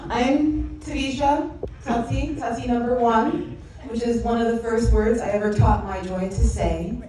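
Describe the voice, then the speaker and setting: Mid-pitched woman, proud emphatic toast, distant mic, reverberant hall. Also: fairly even intonation, unhurried, mellow. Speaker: early childhood educator. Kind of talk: heartfelt party toast. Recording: echoey hall, far mic, noise.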